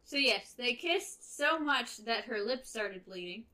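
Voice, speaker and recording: Wry chatty woman reading a novel aloud, slightly high voice. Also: animated, unhurried, bright, forceful tone, low-quality recording. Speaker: podcast co-host.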